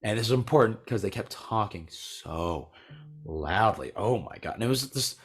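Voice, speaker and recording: A young American man chatting casually, telling a rambling story full of "like" and quick laughs. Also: on the low side, lively intonation, a little hiss or hum. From United States. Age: young adult. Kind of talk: casual chat.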